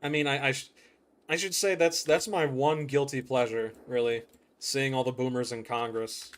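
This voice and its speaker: A man's voice: medium pitch, steady tone, normal speed. A young man chatting casually to viewers while playing a game, rambling and laughing often. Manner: rambling, laughs often, says "dude" a lot. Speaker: gaming streamer. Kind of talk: casual gameplay chat.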